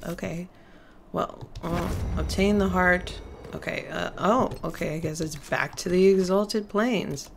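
A woman's voice: fairly low pitch, measured pace, creaky, background noise. A woman giving casual, chatty commentary while playing a video game, talking to the game characters. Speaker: let's play gamer.

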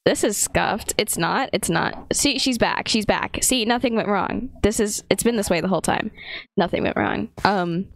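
A woman's voice: medium pitch, normal speed, gravelly, no room sound. A woman giving casual gameplay commentary, laughing often and exclaiming in playful panic. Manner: giggly, frequent bursts of laughter. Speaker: gaming video creator.

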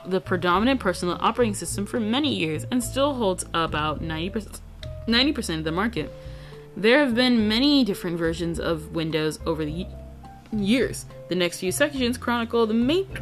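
A woman streamer reading a textbook aloud, often tripping over words and restarting them. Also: mid-range voice. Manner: stumbling over words and correcting herself. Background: faint guitar music.

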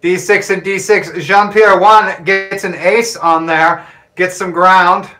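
Bright-voiced man running a tabletop game. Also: high voice, fairly even intonation, slow pace, soft background music. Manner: chatty, laughs often, thinks aloud over dice rolls. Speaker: game master. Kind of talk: narrating a tabletop game on a live stream.

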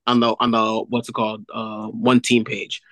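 A young man, an athlete guest, telling a story in an animated casual way with many fillers. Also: fairly low pitch, normal speed, no echo, poor audio.

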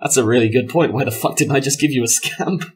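Husky-voiced male game master. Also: mid-range voice, fast talker. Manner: self-mocking, laughs often, many fillers. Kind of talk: narrating a tabletop game.

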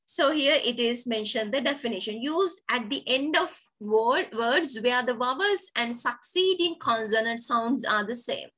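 A woman's voice: a little high, animated, unhurried, hardly any pauses, a bit bright, poor audio. A woman teacher giving an online poetry lesson, explaining terms step by step and repeating key words. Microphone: video call.

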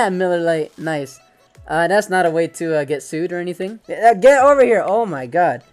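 A man hosting a VR fishing game video, excitable and joking, swearing often as he plays. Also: sits high. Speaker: gaming channel host. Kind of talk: VR game commentary. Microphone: VR headset gameplay capture.

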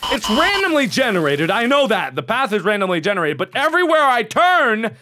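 A young man in his twenties commentating a horror game playthrough, shouting in frustration and ranting between panicked outbursts. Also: sits high, big pitch swings, brisk, few pauses, background noise. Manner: loud frantic shouting and exasperated ranting. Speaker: gaming video host.

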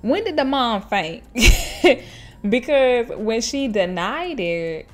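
A woman hosting a show where she reads online stories aloud and reacts to them in an expressive, chatty way, laughing often and talking straight to her listeners. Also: a little high, takes it slowly, faint music behind. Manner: chatty, addresses listeners directly. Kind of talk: casual storytelling with commentary.

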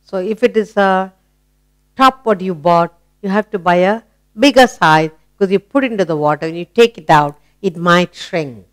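A woman with an Indian English accent teaching a phonics lesson to young children, asking questions and patiently repeating each word. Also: fairly low pitch. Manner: slow, patient and explanatory, asks questions and repeats words.

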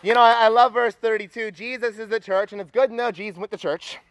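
A young adult man preaching a sermon at a campus retreat, energetic and rallying the crowd. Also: high-pitched, quick pace.

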